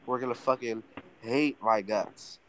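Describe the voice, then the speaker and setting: A man's voice: mid-range voice, normal speed, a little hiss or hum, rough recording. Profane, rambling male podcast co-host. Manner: profane, rambling, animated retelling. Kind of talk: casual chat.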